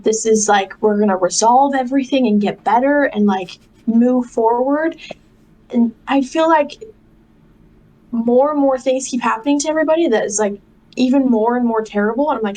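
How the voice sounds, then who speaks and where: Young adult woman, podcast co-host, casual rambling chat, fillers, somewhat high voice. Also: moderate pace, darkish tone, low-quality recording.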